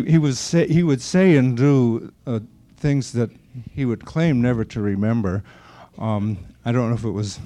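Mellow-voiced older man reminiscing. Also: mid-range voice. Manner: anecdotal storyteller who acts out quoted remarks. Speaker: interviewee. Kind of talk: reminiscing conversation.

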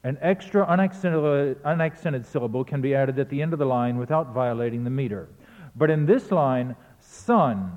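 A man's voice: medium pitch, a little mellow. Pedantic male lecturer, echoey and dull. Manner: precise, pedantic, self-correcting. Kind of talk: spoken lecture on recordings and verse.

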